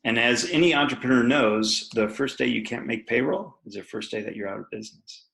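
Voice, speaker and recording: A man's voice: medium pitch, a little fast, creaky, fairly bright tone, poor audio. A man in his forties, a guest entrepreneur, candidly telling a personal business story in a podcast interview.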